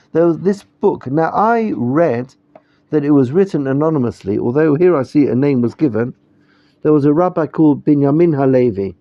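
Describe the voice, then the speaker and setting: A man teaching a class in a relaxed, talkative way, his voice a bit high for a man yet dark and mellow in tone. He keeps asking whether everyone is following. The recording is muffled and lo-fi. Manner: conversational, checks in with listeners. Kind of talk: classroom lecture.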